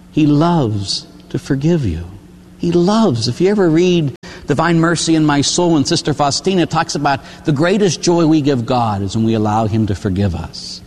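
An older man, a priest, preaching about confession in an animated storytelling way, acting out voices and tagging his points with "huh?". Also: medium pitch, slight background noise. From Pittsburgh, USA. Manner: animated storytelling, acts out quoted voices, tag questions "huh?". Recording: echoey hall with long reverb.

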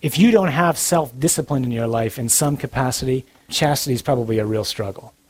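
A man's voice: mid-range voice, a little fast, darkish tone, a little hiss or hum. A man giving an earnest, blunt Catholic talk to young adults, with dry humor. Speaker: Catholic speaker.

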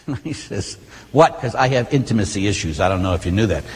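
Husky priest preaching in a reverberant church. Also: male voice, fairly low pitch, fairly quick. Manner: animated storytelling with conversational asides. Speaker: Catholic priest. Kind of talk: sermon. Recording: long hall reverb.

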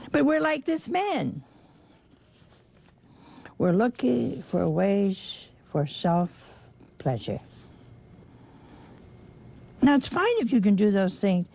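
A woman's voice: fairly high pitch, gravelly, a little mellow. A woman preaching a folksy sermon, teasing her listeners and acting out the people in a parable.

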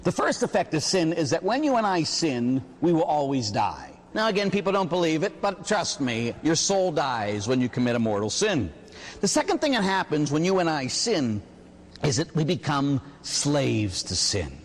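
A man, a Catholic priest, preaching a sermon and telling stories with animated emphasis. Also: on the high side, normal speed. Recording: echoey hall.

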